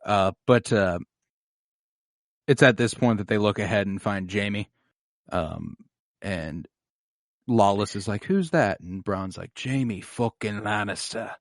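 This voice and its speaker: A podcast co-host recaps episodes in casual conversation, swearing freely and acting out characters' lines in quick mock voices. His voice is lowish and steady. The sound is clean and studio-like, with no echo.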